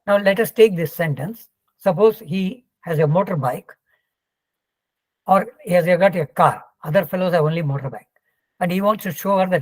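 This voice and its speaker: An older male professor lectures over a video call in a husky voice. His speech is close and dry, with no room around it. He builds his points from homely examples and checks in with "okay" between them. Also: high voice, moderate pace, dry recording. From India. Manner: explains with everyday examples, often checks in with "okay". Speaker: professor giving a webinar talk. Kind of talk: informal lecture.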